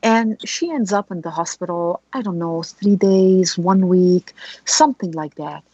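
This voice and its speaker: Husky woman telling a lively radio story. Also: on the low side, unhurried, no room sound, muffled recording. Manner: animated storytelling with rhetorical questions. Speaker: lawyer, radio guest. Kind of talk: radio law show conversation.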